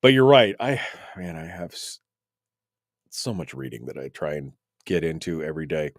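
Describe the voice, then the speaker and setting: Lively rambling male radio host. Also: very deep voice, moderate pace, no echo, clean studio sound. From United States. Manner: loose and rambling, many fillers and laughs. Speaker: radio talk show host. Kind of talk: casual call-in talk radio.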